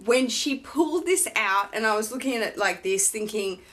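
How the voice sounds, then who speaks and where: A woman's voice: a little high, animated, normal speed, a bit bright. A woman vlogger unboxing a luxury handbag, talking in a gushing, effusive way about every detail.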